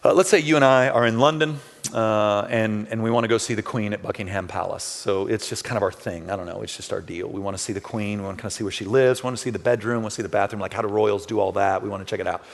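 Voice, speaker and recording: A Texan pastor preaches in a loose, conversational style, tossing out rhetorical questions and asides. His voice is fairly low with vocal fry, and he talks fast. The recording carries the long reverb of a large church hall.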